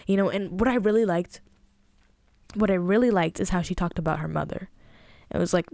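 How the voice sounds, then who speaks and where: A woman's voice: lowish voice, brisk, vocal fry, long pauses, a little mellow, no room sound, studio quality. A young adult woman hosting a podcast, reviewing a TV episode in a chatty, emphatic way with exasperated asides. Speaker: podcast host. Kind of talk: casual TV review monologue.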